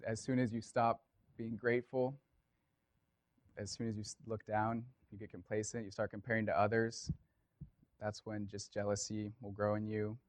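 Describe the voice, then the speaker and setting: A man's voice: fairly low pitch, dry recording. A man preaching a casual sermon, talking conversationally with lots of fillers and telling a story.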